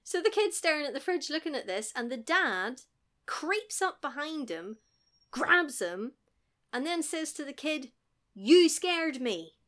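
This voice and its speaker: A woman's voice: high voice, sing-song, measured pace, sharp tone. A woman in casual chat, rambling through a film recap and acting out the lines she quotes. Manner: rambling, laughs often, acts out quotes.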